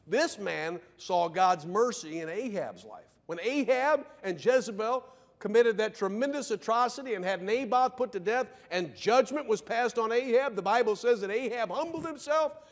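A man pastor preaching a sermon, firing rhetorical questions and swinging between loud declarations and hushed asides. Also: sits high, lively intonation, moderate pace. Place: church sanctuary. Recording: long church reverb.

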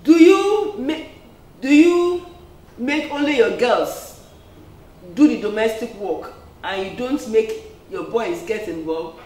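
A woman's voice: on the high side, lively intonation, takes it slowly, mellow. A woman preacher giving an earnest sermon, peppered with "amen" and "praise the Lord". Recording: echoey room, distant mic.

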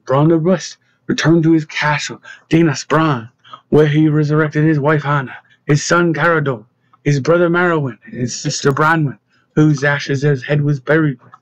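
A man narrating an audiobook in a steady reading voice, giving the characters their own voices. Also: on the high side, normal speed, no echo. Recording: dull lo-fi dry sound.

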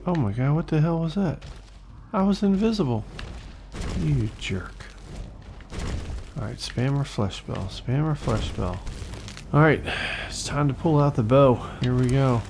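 A man giving excitable, swearing gameplay commentary as host, talking to enemies as he plays. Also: mid-range voice, measured pace, long pauses, slight background noise. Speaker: let's play host.

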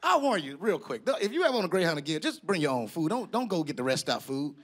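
A man's voice: a little high, sing-song, fast talker, fairly bright tone. A man doing stand-up comedy, telling a slangy story with animation into a handheld mic on a club stage.

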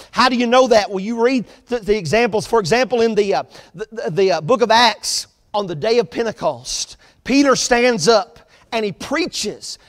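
A pastor delivers a sermon in a fairly high voice, pushing each point harder and then letting the line ends drop away quietly. His voice carries a long reverb from the church sanctuary around him. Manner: preaching with rising emphasis and soft, trailing line ends.

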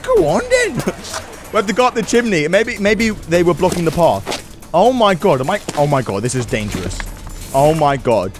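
A man commentating on a video game playthrough in an excitable, exclaiming way. His voice sits high and swings wildly in pitch. Game music plays behind him. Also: moderate pace. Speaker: gaming YouTuber. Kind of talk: let's-play commentary.

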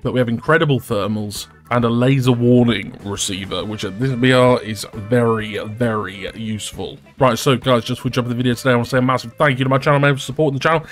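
A man giving chatty, excitable commentary over his own gameplay as a regular gaming creator, often laughing. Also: mid-range voice, quick pace, few pauses, faint music behind. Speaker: gaming YouTuber.

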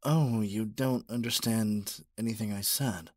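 A man voicing an obsessive young male stalker in a whispered role-play, talking softly with stammers and pleas. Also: lowish voice, a little slow, no echo, studio quality. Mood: soothing. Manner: soft, stammering, pleading.

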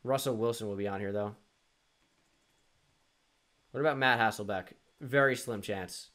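This gaming YouTuber has a fairly low but fairly bright voice and moves at a moderate pace. Working through a sports quiz, the young man mutters casually to himself, restarts his thoughts and mocks his own answers.

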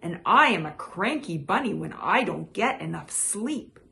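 A woman's voice: lowish voice, sing-song, measured pace, vocal fry, sharp tone, slight background noise, full character voice. A woman voicing a grumpy, complaining male rabbit in a read-aloud picture book, in a grumbling manner. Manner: grumbling, gloomy.

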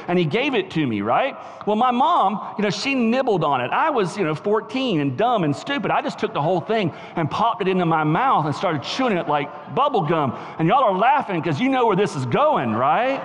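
Animated Southern preacher in a church hall. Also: male voice, sits high, a little fast. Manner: storytelling, swings from soft asides to emphatic shouts. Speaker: pastor. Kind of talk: sermon. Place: church sanctuary.

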